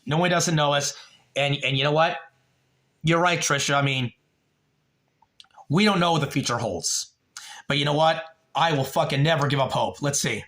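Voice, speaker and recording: A man's voice: a little high, moderate pace, long pauses, a bit bright. A man on a home livestream, talking emotionally and rambling, with frequent swearing, addressing a viewer by name.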